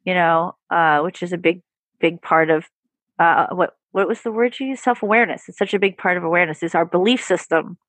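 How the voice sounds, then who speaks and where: Woman, podcast guest, candid, animated, fairly low pitch, dry sound. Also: a little fast, no echo. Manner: candid, animated, laughs easily. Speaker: podcast guest, therapist and performer. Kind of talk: casual interview chat.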